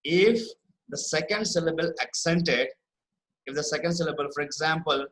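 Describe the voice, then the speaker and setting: A man teaching a spelling lesson, explaining patiently, repeating words slowly and asking "right?" to check understanding. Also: fairly high pitch, a bit bright, rough recording. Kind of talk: online classroom lesson.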